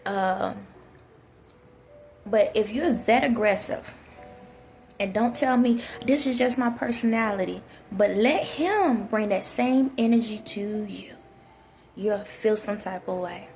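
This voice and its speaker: Gravelly-voiced woman giving blunt advice. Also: medium pitch, takes it slowly, pauses often, a little mellow, soft background music. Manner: blunt, direct, talks straight to viewers. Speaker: vlogger giving relationship advice. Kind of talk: casual spoken advice to viewers.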